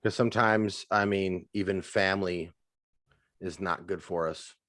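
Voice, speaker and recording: A man co-hosting a casual faith-themed chat, speaking calmly and reflectively. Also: low-pitched, unhurried, no room sound. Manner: calm, reflective, short agreeing replies. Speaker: co-host.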